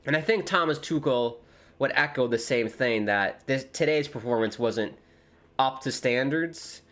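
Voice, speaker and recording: A man chatting casually on a live football watchalong stream, rambling between excited reactions to the match. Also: medium pitch, a little slow.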